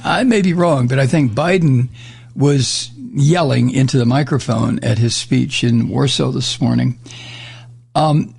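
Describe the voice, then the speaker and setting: Older male talk-radio host, husky gravel, blunt sarcastic commentary. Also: medium pitch, a little slow, darkish tone. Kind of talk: political commentary monologue. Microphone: studio microphone.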